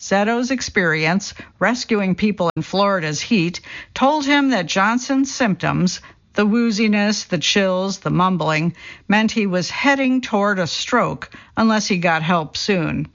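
A gravelly, fry-edged voice reads a true story as scripted narration, keeping a steady storytelling pace and folding the quotes into the same delivery. The recording sounds dull and lo-fi. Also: mid-range voice, a little slow. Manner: steady storytelling read, quoting people in the same voice.

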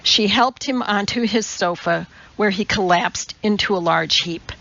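A woman narrating an audiobook in a measured, even storytelling manner. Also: mid-range voice, lo-fi sound. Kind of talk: scripted narration.

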